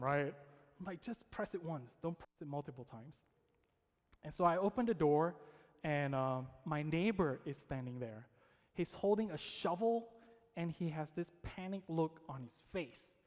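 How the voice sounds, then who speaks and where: A man preaching a sermon, telling a personal story with lively quoted voices and frequent check-ins with his audience. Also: fairly high pitch. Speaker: pastor. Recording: long hall reverb.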